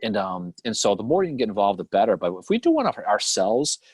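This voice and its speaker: A man's voice: lowish voice, very animated, fast talker, a little mellow. A man co-hosting a casual live-stream chat, teasing and joking with his co-host and swearing casually. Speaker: podcast co-host.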